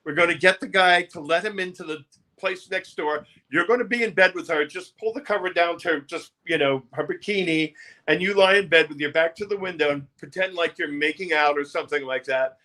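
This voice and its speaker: Man doing a flamboyant male record promoter: bossy, breezy, raised campy pitch. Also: brisk, pushed and bright. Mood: scheming.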